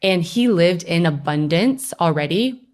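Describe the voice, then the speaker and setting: A young woman, a podcast guest, telling her personal story in a lively, conversational way. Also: on the low side, measured pace. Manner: animated storytelling, acts out her own past voice.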